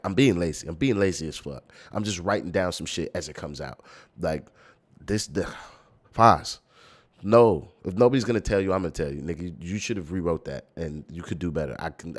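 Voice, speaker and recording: A man's voice: low-pitched, expressive, fast, a little mellow. A young American man hosting a reaction video, talking bluntly and incredulously with plenty of swearing. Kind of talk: reaction commentary.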